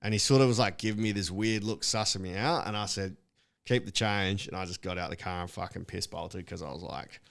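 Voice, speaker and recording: Man, young adult, lowish voice, slangy casual storytelling, swears a lot. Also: fairly even intonation, quick pace, vocal fry, few pauses, fairly bright tone. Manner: laid-back slangy storytelling, swears freely. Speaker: comedian and podcast co-host.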